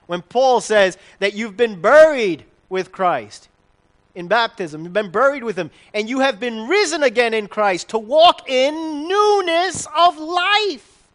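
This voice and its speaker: A man with a strikingly high voice preaches to a congregation. His pitch swings widely as he explains, and he talks in a conversational way, often asking questions and restarting his sentences. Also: animated, unhurried, fairly bright tone. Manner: conversational, asks the audience questions, frequent restarts. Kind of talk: sermon.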